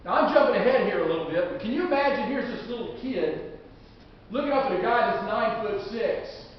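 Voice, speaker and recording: A man, a pastor, preaching a sermon in a folksy, joking way that rises to fervent shouts. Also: high-pitched, lively intonation, a little fast. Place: church sanctuary. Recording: echoey hall, distant dull mic.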